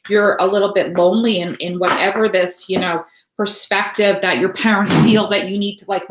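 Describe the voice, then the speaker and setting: A woman reads tarot cards live for her viewers and talks in a loose, rambling way, with plenty of fillers and restarts. Her voice sits at an ordinary middle pitch. The room around her gives the sound a clear echo. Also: a bit bright. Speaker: tarot reader. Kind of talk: live-stream tarot reading.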